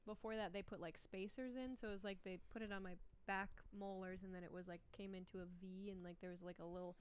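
A woman's voice: medium pitch, fairly even intonation, fast, smooth. A young woman chatting casually and laughing easily. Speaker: podcast co-host. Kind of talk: casual chat.

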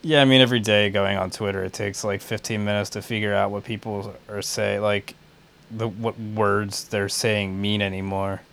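A man talks in a casual podcast chat, swearing freely and poking fun at himself. His voice sits low and sounds smooth and resonant. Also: little pitch movement, normal speed, fairly bright tone. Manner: casual, self-deprecating, swears.

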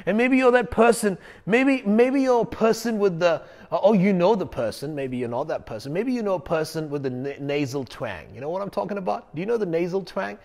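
A man's voice: sits high, animated, brisk, hardly any pauses, a little mellow. A male pastor preaching a sermon in an emphatic, conversational way, repeating key phrases.

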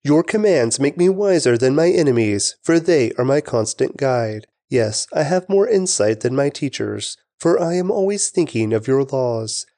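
A man giving a steady, reverent scripture reading. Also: mid-range voice, normal speed, few pauses, dry recording, studio quality. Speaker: scripture reader.

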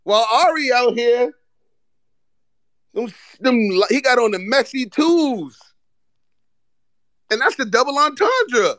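A high-voiced man teases a friend in a casual live-audio chat, loud and profane, cackling between jabs. The sound is close and dry, with no room around it. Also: sing-song, slow, long pauses, dry recording. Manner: loud, profane, teasing roast with frequent laughter. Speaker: podcast co-host.

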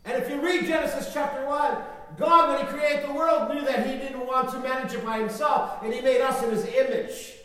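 A man preaching a sermon with emphatic, repetitive phrasing and big swings between quiet and loud, in a large church hall. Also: very high-pitched, little pitch movement, brisk. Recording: echoey hall, voice from far off.

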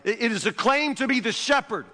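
A male pastor preaching a sermon in a folksy way, repeating words and dropping to a low hush for scripture. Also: fairly quick. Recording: long reverb of a church hall.

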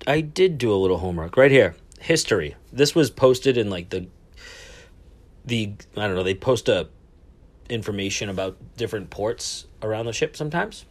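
A man hosting a casual solo podcast from a cruise ship, rambling, swearing and poking fun at himself. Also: medium pitch. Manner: rambling, profane, self-mocking. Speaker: podcast host. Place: cabin aboard a cruise ship.

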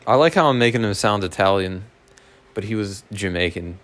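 Low-voiced man rambling through a story. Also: animated, normal speed, fairly bright tone. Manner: rambling, profane, self-mocking. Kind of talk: casual storytelling monologue.

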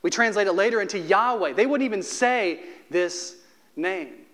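A man with a somewhat high voice delivers a sermon to his congregation. He talks in a casual, conversational way, drops in light humor, and slows right down to stress the phrases he wants to land. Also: animated, fairly bright tone. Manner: conversational preaching with humor and slowed emphasis. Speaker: pastor.

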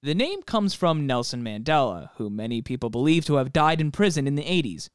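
A man's voice: mid-range voice, very animated, brisk, clear, resonant tone, no room sound, clean studio sound. A young man co-hosting a podcast, joking playfully with mock-solemn asides. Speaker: podcast co-host. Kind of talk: casual chat.

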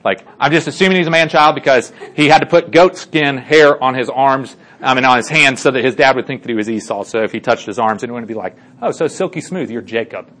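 A man's voice: mid-range voice, fast talker, few pauses, a bit bright. A man casually retelling a Bible story to a group, chatty, with many fillers and check-ins. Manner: chatty, lots of fillers and restarts, asks listeners for agreement. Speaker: Bible teacher.

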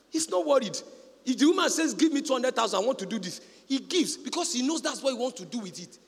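High-pitched, shouting Nigerian preacher. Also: male voice, sing-song, fast, vocal fry, breathy edge, big-room sound. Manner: shouting, sing-song preaching cadence. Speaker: pastor. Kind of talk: preaching a sermon.

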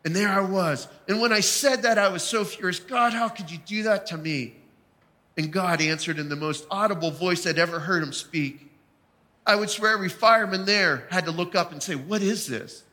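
High, bright-voiced man preaching in a hall. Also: a little fast. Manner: storytelling testimony, emphatic. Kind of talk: sermon. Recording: long hall reverb.

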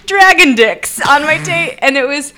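Woman, podcast co-host, casual chat, animated storytelling, bright tone. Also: high-pitched, a little slow. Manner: animated storyteller, laughing often.

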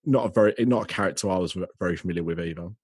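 A man's voice: deep voice, very fast, darkish tone, breathy edge, dry recording. A man co-hosting a podcast, explaining his views in casual chat. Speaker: podcast co-host.

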